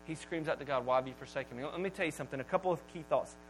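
A man preaches to his congregation in a high, bright-pitched voice. He draws words out slowly, falls almost to a whisper, then bursts out loud. A faint electrical hum runs beneath the recording. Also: low-quality recording. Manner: dramatic pauses, drops to near-whisper, then booms. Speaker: pastor. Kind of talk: sermon.

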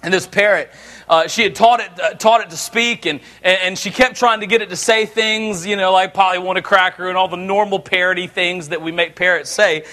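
A middle-aged man preaching a sermon, telling jokes and family stories with an animated delivery. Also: high-pitched, brisk. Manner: animated, joking storyteller. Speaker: pastor.

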